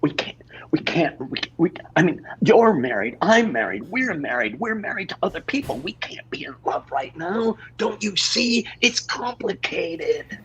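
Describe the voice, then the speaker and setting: A man's voice: high voice, sing-song, measured pace, a bit bright, slight background noise, heavily acted, low-quality recording. An actor playing a flustered married man with a brood of children, stammering and repeating himself as he urgently pleads in an improv scene on stage. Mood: pleading. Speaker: improv performer. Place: theater stage.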